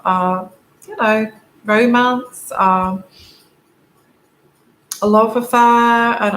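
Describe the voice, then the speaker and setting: A woman giving a tarot reading to camera, tearful and crying, talking haltingly with many fillers and restarts. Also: medium pitch, fairly bright tone. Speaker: tarot reader. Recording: echoey room, faint background noise.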